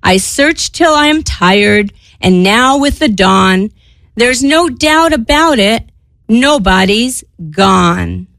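High-voiced woman reading a poem slowly. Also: animated, vocal fry, fairly bright tone, dry recording. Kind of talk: poem recitation.

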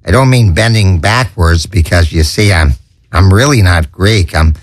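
A man's voice: low-pitched, normal speed, no room sound, studio quality. A man hosting a comedy show, telling corny puns with stammers and chuckles at his own jokes. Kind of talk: corny stand-up patter.

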